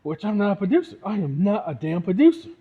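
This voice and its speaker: An independent musician from Toledo, Ohio rants angrily at the camera, his husky, high voice moving fast in a sing-song rhythm. He keeps repeating himself and throws in "you know what I'm saying" over and over. The audio sounds tinny, like a phone.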